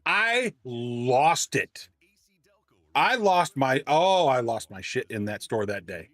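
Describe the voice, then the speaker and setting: A man casually telling a long story on a livestream, ranting and animated, often restarting his sentences. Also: mid-range voice, moderate pace, no echo.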